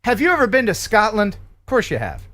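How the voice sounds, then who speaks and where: An American man hosting a casual livestream chat, jokey and quick to laugh. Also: high voice. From United States. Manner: jokey, laughs often, animated. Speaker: host.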